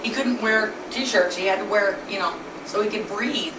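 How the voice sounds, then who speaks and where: At medium pitch and normal speed, a woman earnestly and plainly tells the story of her husband's illness as a personal storytelling presentation. She speaks from a distance in a noisy, echoey room.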